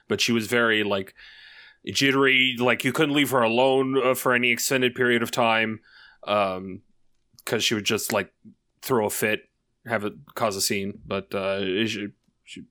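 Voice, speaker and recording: A man telling a story on a podcast, often stumbling and restarting his words. His voice has a bright, sharp edge, and the recording is dry and close with no room sound. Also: on the low side, fairly even intonation, no room sound. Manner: halting, repeats words and fills with uh and um. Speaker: podcast co-host. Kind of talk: casual storytelling chat.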